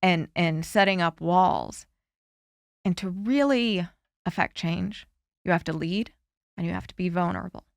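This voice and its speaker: A woman in her forties, a candidate speaking earnestly and heartfelt in a podcast interview, often pausing with "you know". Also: fairly low pitch, gravelly, no echo, clean studio sound. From Florida. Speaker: congressional candidate guest.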